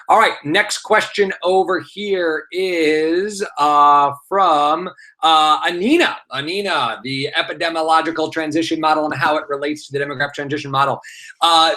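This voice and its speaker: Bright, energetic man teaching exam review. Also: on the high side. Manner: energetic, animated delivery with fillers and playful asides. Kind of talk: live online review session.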